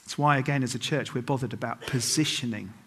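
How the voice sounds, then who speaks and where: A man's voice: medium pitch, fast talker, a bit bright, husky. A middle-aged man preaching a sermon at a church service, telling stories with humor and making self-mocking asides to the congregation. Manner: humorous storytelling with acted quotes.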